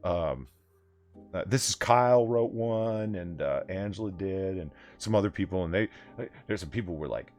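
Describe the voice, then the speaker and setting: A man's voice: low-pitched, moderate pace, darkish tone, faint music behind. A man hosting a casual late-night livestream chat, rambling and swearing, laughing often. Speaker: livestream host of a late-night bar hangout.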